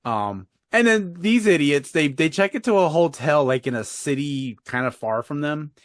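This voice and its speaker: A man's voice: fairly high pitch, animated, moderate pace, no echo, clean studio sound. A man co-hosting a podcast in casual chat, rambling with frequent laughs and casual swearing. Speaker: podcast co-host.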